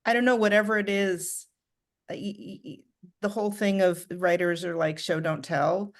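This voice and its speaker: A woman author chatting on a video call, animated, acting out little quotes and laughing often. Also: mid-range voice, normal speed. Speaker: author guest. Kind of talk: casual conversational interview.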